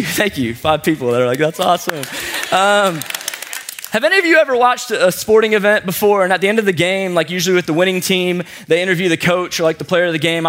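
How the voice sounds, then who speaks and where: Young male speaker, high voice, chatty storyteller, casual sermon with audience banter. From St. Louis, USA. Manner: chatty, joking storyteller with many fillers; playful, animated quoted voices.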